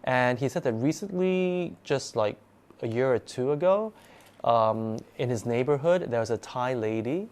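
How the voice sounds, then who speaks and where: A man recounts an eerie experience in a relaxed, conversational way. He talks with lively animation and often repeats words as he builds the tale. His voice sits at a middle pitch. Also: measured pace, clean tone. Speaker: guest storyteller. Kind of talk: casual spoken ghost story.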